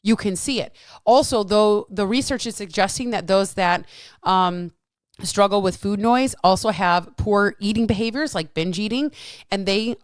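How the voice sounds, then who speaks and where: A woman's voice: mid-range voice, moderate pace, clear, resonant tone, no room sound. Fitness coach lady on her podcast, blunt and sweary, medium voice, dry room. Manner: blunt, profane, emphatic. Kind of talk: casual solo podcast talk.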